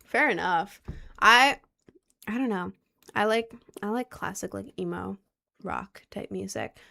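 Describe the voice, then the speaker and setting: Slow, rambling young woman vlogger. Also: medium pitch, gravelly, sharp tone. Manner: rambling and unsure, full of "like" and restarts. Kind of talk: casual rambling chat.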